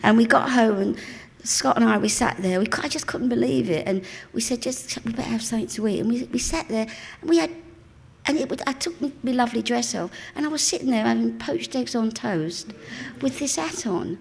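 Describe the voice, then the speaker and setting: A fairly high-pitched, gravelly female voice with lively intonation moves at a brisk clip. It belongs to a guest actress in her seventies, an East End Londoner with a Cockney accent, who tells anecdotes and acts out quoted voices in a live on-stage interview in front of a cinema auditorium audience.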